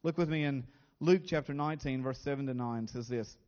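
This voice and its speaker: A man's voice: mid-range voice, brisk, darkish tone, lo-fi sound. A man preaching a sermon as pastor, earnest, often repeating words as he presses a point.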